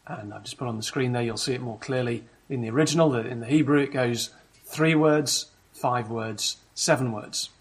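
Husky-voiced man preaching a sermon. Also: medium pitch. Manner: measured, explanatory preaching with rhetorical questions.

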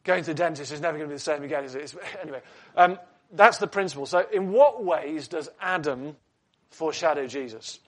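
A man's voice: a little high, a little fast. A man preaching a sermon in an earnest teaching tone, asking rhetorical questions and adding light asides.

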